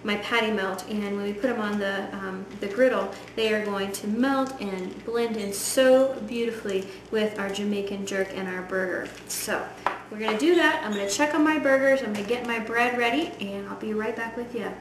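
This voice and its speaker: In an echoey home kitchen, a woman with a mid-range voice demonstrates cooking at a normal speed, chatty and enthusiastic. She sounds far from the mic, and loud frying noise fills the background.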